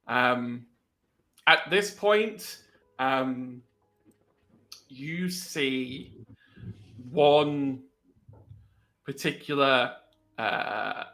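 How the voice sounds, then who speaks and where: A man narrating a tabletop role-playing game as game master, hesitant and full of pauses. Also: medium pitch, bright, forceful tone, roomy sound, rough recording. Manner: hesitant, many ums, puts on quick voices for characters.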